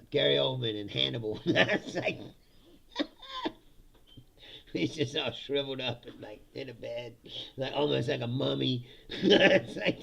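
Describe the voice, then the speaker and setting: A man hosting a casual political rant, sarcastic and laughing often, swearing and mocking his opponents in put-on high voices. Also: creaky, pushed and bright, husky. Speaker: political commentary host.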